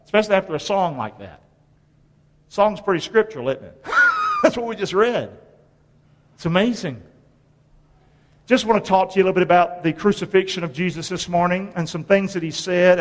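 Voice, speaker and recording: A man preaching a sermon as a pastor, speaking lively and drawing call-and-response from the congregation. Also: sits high. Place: church hall with long reverb. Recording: reverberant church hall.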